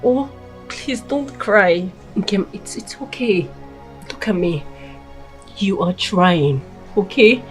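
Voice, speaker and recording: A woman playing a young wife who gently comforts and reassures her husband. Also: a little high, animated, unhurried, soft background music. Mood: soothing. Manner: soothing, reassuring.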